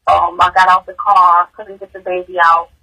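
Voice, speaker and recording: A woman, a grieving mother, giving emotional personal testimony in an interview, halting and repeating words, her voice rising high in distress. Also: level tone, sharp tone, low-quality recording.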